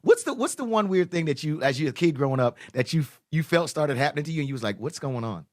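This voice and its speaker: Man, podcast host, casual chat, joking, laughs a lot, lively pitch. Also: quick pace, no echo, clean studio sound. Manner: joking, animated storyteller who laughs often.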